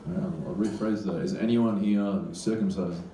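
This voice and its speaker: A man's voice: fairly low pitch, normal speed, noisy background. A man from Iraq doing a brash, crude stand-up set on a comedy club stage. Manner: brash, crude, animated delivery. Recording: echoey room, distant mic.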